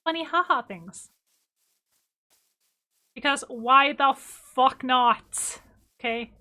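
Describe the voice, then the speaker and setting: A woman streaming a game casually, giggling often, swearing freely and breaking into loud exclamations. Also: sits high, slow pace. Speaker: livestreamer.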